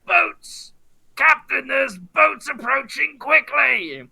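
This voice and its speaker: A man voicing a fussy, excitable male sailor in a tabletop game, high and prim. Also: moderate pace, no room sound, exaggerated voice. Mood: alarmed yelling.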